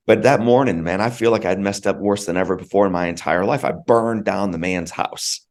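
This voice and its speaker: Deep-voiced man telling his story earnestly. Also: fairly quick. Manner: earnest, heartfelt, repeats words for emphasis. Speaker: podcast guest. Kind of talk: personal storytelling in conversation.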